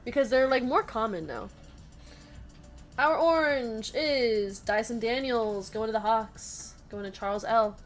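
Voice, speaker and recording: A woman with a somewhat high voice hosts a live card break stream. She chats easily and giggles often between card calls while she reads out comments from the chat. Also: unhurried, soft background music.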